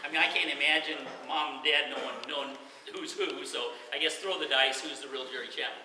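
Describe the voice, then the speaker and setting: A man in his sixties tells a joking story at a party, often laughing as he talks. His voice is high for a man. He is heard from far off in a big echoey hall, with noise behind him. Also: steady tone, fairly quick. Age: 60s. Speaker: brother of the retiree giving a speech. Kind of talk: joking slideshow speech at a retirement party. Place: party venue hall, indoors.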